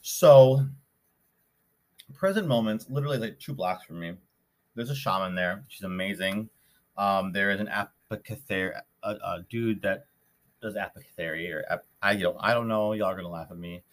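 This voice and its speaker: Podcast host, young man from Minnesota, lower voice, loose rambling storyteller heavy on fillers. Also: normal speed. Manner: rambling, animated retelling with many fillers. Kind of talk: casual storytelling.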